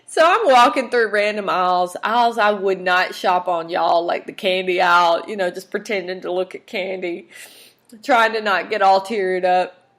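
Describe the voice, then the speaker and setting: A woman's voice: medium pitch, moderate pace, fairly bright tone. Candid, emotional woman telling a story. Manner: candid, emotional, chatty with fillers and asides. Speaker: podcast host. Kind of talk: personal storytelling monologue.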